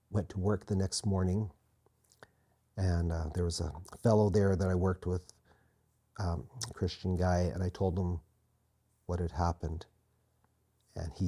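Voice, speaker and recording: A man as an interview guest, quietly and earnestly telling his personal faith testimony. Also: low-pitched, slightly rough. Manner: quiet, earnest, reflective storytelling.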